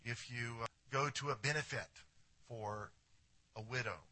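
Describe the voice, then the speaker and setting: A male pastor delivers a sermon in a sharp, bright voice with a breathy, husky grain. He drops to near-hushed phrases and then lifts into emphatic declarations. He often turns to the congregation with direct questions. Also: mid-range voice, measured pace. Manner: preaching with wide swings from hushed to emphatic.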